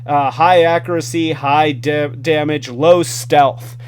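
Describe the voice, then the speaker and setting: A man's voice: a little high, fairly even intonation, slow pace, smooth. A man hosting a casual hands-on toy review, enthusiastic and rambling. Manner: enthusiastic, rambling with fillers and restarts.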